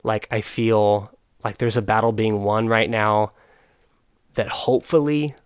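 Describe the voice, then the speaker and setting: A man's voice: lowish voice, steady tone, unhurried, smooth, no echo, clean studio sound. A young man hosting a casual talk, earnest and frustrated, with many fillers and restarts. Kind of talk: casual chat.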